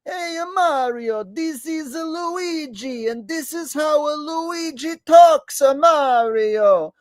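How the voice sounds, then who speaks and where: A man voicing a goofy cartoon plumber brother in a high, drawn-out, nasal whine. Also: no echo. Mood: silly.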